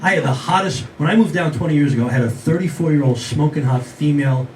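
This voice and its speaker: A man's voice: a little high, quick pace, noisy background. A man in his sixties performing a self-mocking stand-up comedy set, talking straight to the audience. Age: 60s. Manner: self-mocking, conversational, addresses the audience directly. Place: live venue with audience. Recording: roomy live sound from a distance, audible crowd ambience.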